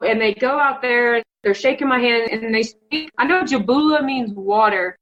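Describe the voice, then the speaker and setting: Recorded with dull lo-fi sound, this Colorado woman, a hunting contest finalist, shares a story during a casual interview. She talks in a chatty, emotional way, peppering it with "like." Her voice sits a little high and is fairly bright, moving at a normal speed.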